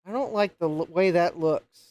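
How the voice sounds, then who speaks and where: A man's voice: high-pitched, normal speed, a little mellow, no room sound. A man hosting a live repair stream, thinking aloud and counting pins as he checks a circuit board. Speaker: host of a retro computer repair livestream.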